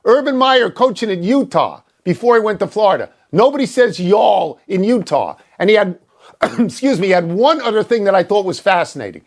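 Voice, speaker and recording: An older man co-hosting a sports talk show, arguing his points bluntly and emphatically, with a self-mocking streak. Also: high voice. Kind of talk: sports debate.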